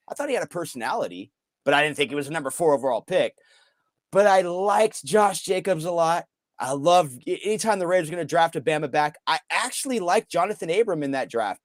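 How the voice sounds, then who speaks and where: Hyped up and loud, this man co-hosts as a sports fan, cursing freely and letting his voice rise and fall in a casual, excited way. His voice is a little high, and there is no room sound.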